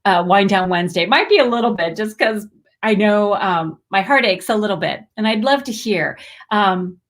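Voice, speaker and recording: A woman, hosting a spiritual livestream, talking heartfelt and rambling, with bursts of excited greetings. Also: medium pitch, normal speed. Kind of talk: emotional live stream chat.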